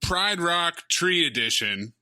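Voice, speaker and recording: A man's voice: a little high, animated, slow, pushed and bright. A man co-hosting a podcast, riffing and joking about a movie. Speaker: podcast co-host and editor. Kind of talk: casual movie discussion.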